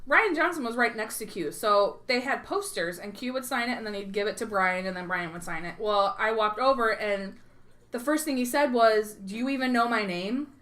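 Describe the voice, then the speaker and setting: A woman's voice: mid-range voice, lively intonation, moderate pace, a bit bright. A woman co-hosting a podcast, chatting casually and laughing at herself. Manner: chatty, self-deprecating, laughs often. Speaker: podcast co-host. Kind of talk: casual chat.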